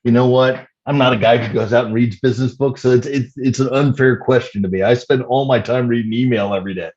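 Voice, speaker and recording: A man in his fifties, a startup CEO answering interview questions in a measured way with many "you know" fillers. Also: mid-range voice, steady tone, a little mellow, dull audio. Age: 50s.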